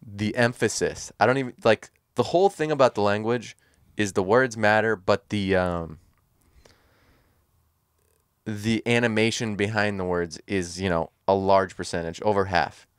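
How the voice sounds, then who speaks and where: Low-voiced man musing on a podcast. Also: normal speed, clear, resonant tone, dry recording, studio quality. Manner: rambling, thinks aloud with fillers. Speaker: podcast co-host. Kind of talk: casual chat.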